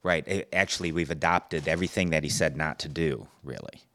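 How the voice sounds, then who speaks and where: A man's voice: very deep voice, fairly quick, sharp tone. A man co-hosting a diving podcast in casual chat, laughing often and repeating words as he starts. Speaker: scuba diving podcast co-host.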